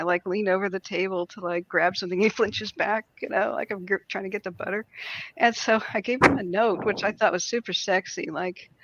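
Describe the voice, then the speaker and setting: A woman guest telling a story in casual chat, animated and laughing often as she talks. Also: mid-range voice, highs cut off.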